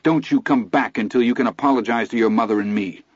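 A man narrator voicing a blustering, beaten-down middle-aged father, gruff, hurt and blundering. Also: mid-range voice, quick pace, no room sound, highs cut off, lightly acted.

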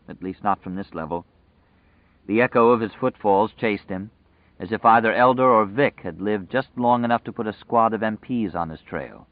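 Low-voiced man narrating a story. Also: no echo. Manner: measured, dramatic storytelling. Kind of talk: audiobook narration. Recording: tinny, phone-like dry sound.

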